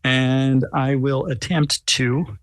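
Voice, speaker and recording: A man playing a tabletop game, describing his vampire's actions in a deliberate, wry way. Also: medium pitch, flat delivery, dry recording. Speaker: player.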